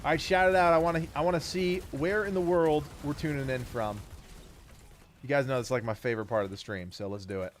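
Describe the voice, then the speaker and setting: A medium-pitched man streams a game live, chatting casually and upbeat as he reads where viewers are tuning in from, rattling off their names in a quick list. He mentions having kids, and there's slight background noise.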